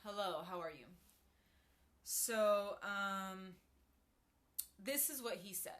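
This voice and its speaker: A woman's voice: medium pitch, slow pace, pauses often, fairly bright tone. A woman talking casually to her viewers on a live stream, chatting through a story with asides and greetings to people joining. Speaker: livestreamer.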